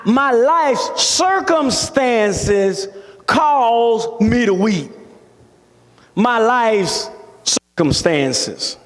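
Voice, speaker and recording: High-voiced preacher man in a reverberant hall. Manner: dramatic preaching, big pitch swings, shouted peaks. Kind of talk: sermon. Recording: long reverb of a large hall.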